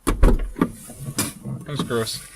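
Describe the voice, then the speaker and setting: A young man co-hosting a late-night casual podcast chat in a van, giggly and jokey with loud laughs. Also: drawn-out words, heavy background noise. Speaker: podcast co-host. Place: inside a van.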